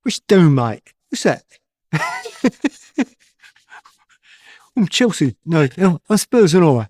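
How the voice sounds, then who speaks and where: A man's voice: on the high side, sing-song, takes it slowly, darkish tone, no echo, studio quality, pitched above the performer's own voice, full character voice. A man putting on a brash Cockney football fan's accent, cheeky and laughing through the lines. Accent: put-on Cockney.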